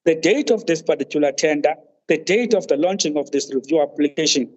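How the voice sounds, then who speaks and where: Lawyer guy on a muffled video call, kinda high voice, keeps saying my lady, stops and restarts a lot. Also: a little mellow. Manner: deferential, says "my lady" constantly, halting restarts. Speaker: counsel in a tribunal hearing. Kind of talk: formal legal argument.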